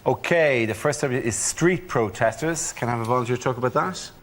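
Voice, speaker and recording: A man hosting a panel show, announcing topics in a brisk, matter-of-fact way. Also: mid-range voice, a little hiss or hum. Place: TV studio with audience.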